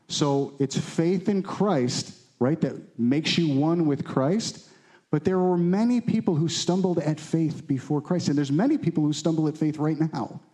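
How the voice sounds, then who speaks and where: Mellow-voiced man teaching a Bible study. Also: on the high side. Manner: conversational, asks the room questions, reads scripture aloud. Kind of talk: teaching sermon.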